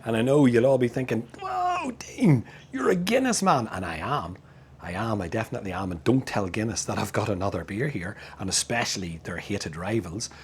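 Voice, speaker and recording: A man's voice: on the low side, husky. A middle-aged man with a Northern Irish accent, chatting casually and laughing as he reviews a beer outdoors in his backyard. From Northern Ireland.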